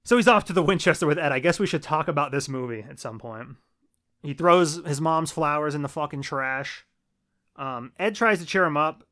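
A man's voice: fairly high pitch, normal speed, a bit bright. A man co-hosting a casual movie review podcast, laid-back and swearing freely. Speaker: podcast co-host.

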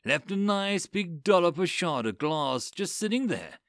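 A man's voice: high voice, big pitch swings, a little slow, fairly bright tone, dry recording, pitched above the performer's own voice, exaggerated voice. A cold female demon sneers and coos in a raised, silky voice, as a man puts her on. Her lines swoop up and down with mockery. It is read in a dry, close storybook recording. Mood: mocking. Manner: cooing, mocking, silky. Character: demon woman possessing a girl, mocking, cold.

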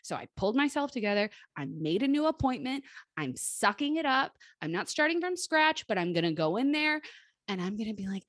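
Woman, 30s, podcast co-host. Blunt and animated, fairly high, with a dry close sound. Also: brisk, no room sound. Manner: blunt, animated, swearing freely. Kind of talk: casual chat.

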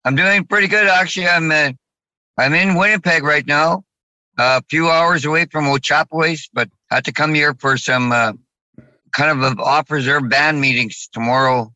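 Bright-voiced man speaking haltingly. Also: fairly high pitch, no echo, rough recording. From Saskatchewan, Canada. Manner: halting, with many restarts and fillers. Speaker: guest. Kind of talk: casual interview talk.

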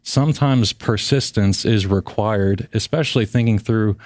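Lowish male voice, calm and measured, reading bible verses out, dry sound. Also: no echo. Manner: measured, retells and reads scripture. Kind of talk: Bible study discussion.

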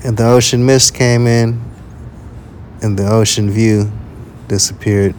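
A man co-hosting a casual podcast with his partner, relaxed and slangy. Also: fairly low pitch, a little hiss or hum. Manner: slow, laid-back, slangy. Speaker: podcast co-host. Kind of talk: casual travel podcast chat.

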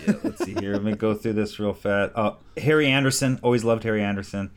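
A man in casual podcast chat, offhandedly reading items off a list with pauses. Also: on the low side.

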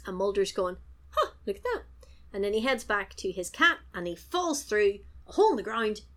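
A chatty woman recaps a story in an easygoing podcast conversation. Her voice sits at an ordinary middle pitch. She tells it with animated, playful asides. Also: a little fast. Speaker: podcast co-host recapping an episode. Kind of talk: casual chat.

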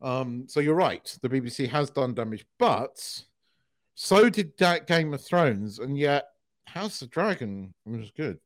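He is a middle-aged man with a mid-range voice, co-hosting a podcast in casual chat. He rants bluntly, swears freely and gets animated. The sound is dry and close, with no room. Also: medium pitch, a little slow, no echo. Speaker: podcast co-host.

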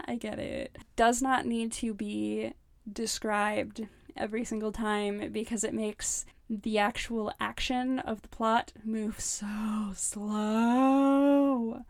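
A woman's voice: a little high, gravelly, dry recording. A young adult woman hosting a comedic book-critique podcast, ranting sarcastically in a casual style full of "like" fillers and swearing. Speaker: podcast host.

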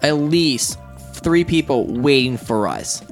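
A man telling a gaming story in casual chat with friends, acting out the lines other players shouted. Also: medium pitch, very animated, takes it slowly, soft background music.

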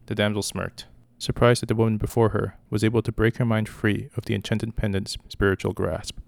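Male reader, steady measured narration, low and gravelly, dry. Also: dry recording. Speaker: audiobook reader. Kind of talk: scripted narration.

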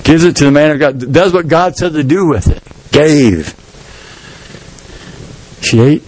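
A man's voice: a little high, measured pace, a little mellow, poor audio. A middle-aged man preaching a sermon as pastor in a folksy, storytelling way, acting out the people in the story. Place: church sanctuary.

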